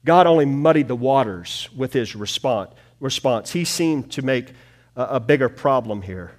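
A man preaching a sermon to a small congregation in a room, swinging between hushed and loud delivery. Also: medium pitch, animated, moderate pace. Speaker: pastor.

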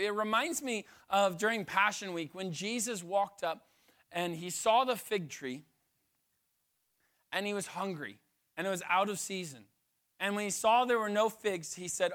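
A male pastor with a high voice delivers a sermon. He talks casually, checking in with "right?" and tossing in light jokes. He lets his points land one at a time. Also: expressive, moderate pace, pauses often, a bit bright. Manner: conversational, tagging "right?", joking asides.

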